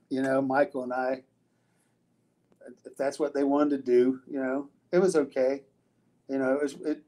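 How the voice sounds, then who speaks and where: A man's voice: medium pitch, darkish tone, poor audio. An older man, a retired wrestler, answering interview questions in a loose storytelling way, with frequent restarts, fillers and casual swearing.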